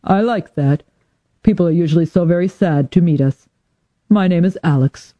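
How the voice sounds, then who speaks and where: A hulking female thug, smug and menacing, as a woman narrator puts her on in an audiobook, her voice set back and a touch distant. She talks slow and cool, with a smirk in every word. The sound is dull and dry. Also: on the low side, no room sound, natural voice.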